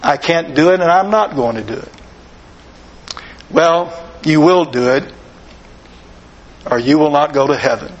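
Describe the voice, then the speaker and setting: A man preaching a sermon, slow and deliberate, earnest, asking rhetorical questions of his listeners. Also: a little high, lo-fi sound.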